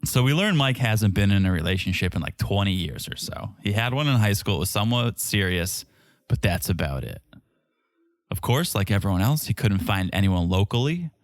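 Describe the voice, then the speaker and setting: A man's voice: lowish voice, animated, a little fast, no room sound. A man co-hosting a podcast, recapping a reality show in casual, chatty talk and laughing often. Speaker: podcast co-host.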